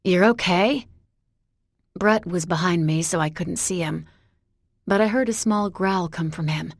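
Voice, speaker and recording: A woman narrating a novel in the first person, measured and introspective. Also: lowish voice, no echo, clean studio sound. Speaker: audiobook narrator.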